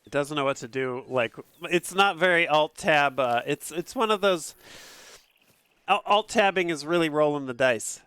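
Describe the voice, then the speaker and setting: A man chatting on a livestream, rambling and reacting aloud to what he sees as he plays. His voice sits a little high and comes across smooth and clear, with a dry, close sound and an unhurried pace. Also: fairly bright tone, dry recording. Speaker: streamer. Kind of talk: casual livestream chat.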